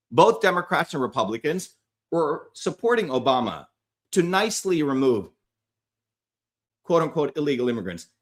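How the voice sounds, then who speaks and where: A man's voice: on the high side, fairly bright tone. A man hosting a livestream, delivering a heated, profane, combative rant at his viewers. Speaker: livestream host.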